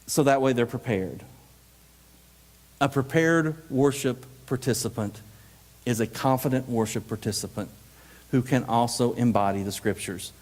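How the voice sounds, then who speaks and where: A man presents a workshop at a conference, mid-pitched and animated. He jokes freely and slips into mock voices to act out readings. The live hall behind him rings with a long reverb. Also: moderate pace, long pauses.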